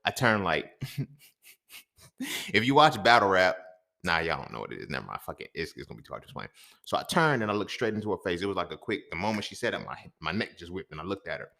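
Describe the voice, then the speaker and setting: Animated low-voiced man telling a story. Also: fast talker, gravelly. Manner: animated and profane, swinging between loud outbursts and muttered asides. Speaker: podcast host. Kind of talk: storytelling monologue.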